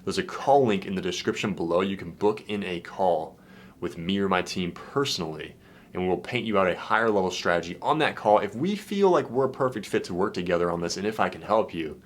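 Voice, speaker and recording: Deep-voiced, slangy young male dating coach. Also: brisk, a little hiss or hum. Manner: excited and slangy, swears, lots of "like" and "dude". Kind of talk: casual vlog, reacting to a client's messages.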